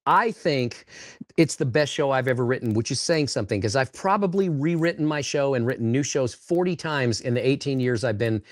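A man's voice: medium pitch, animated, fairly quick, dry recording. A man, a ventriloquist, talking earnestly over a video call, rambling and restarting his phrases. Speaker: ventriloquist and performer. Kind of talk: casual interview chat.

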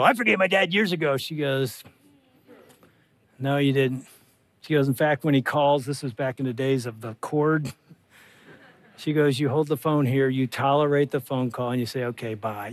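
Older male pastor, conversational sermon, earnest, slightly higher voice, dry close sound. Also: no echo. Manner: earnest, conversational preaching that swings between hushed and rising emphasis.

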